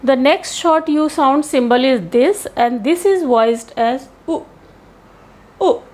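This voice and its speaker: A woman giving a careful pronunciation lesson, explaining sounds slowly and modelling each one aloud. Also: sits high, a little mellow. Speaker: English teacher.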